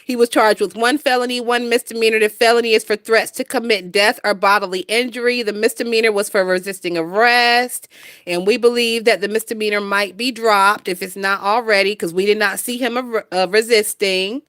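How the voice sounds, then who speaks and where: A woman's voice: mid-range voice, steady tone, brisk, fairly bright tone, dry recording, clean studio sound. A woman in her twenties hosting a casual gossip livestream, brash and profane, reading out viewer comments and laughing often. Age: 20s. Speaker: gossip channel host.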